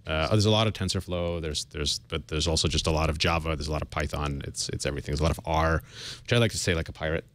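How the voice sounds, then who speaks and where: A man's voice: very deep voice, fairly even intonation, rapid-fire, few pauses. A man in his forties, a tech founder guest, talking earnestly with many fillers and restarts. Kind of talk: casual panel interview.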